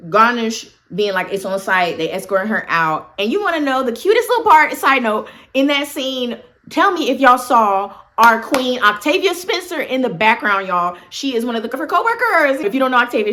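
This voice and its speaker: A woman's voice: fairly high pitch, very animated, fairly quick, bright, forceful tone. A woman casually recapping a horror film for her channel, talkative and full of opinionated asides. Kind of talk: casual movie recap commentary.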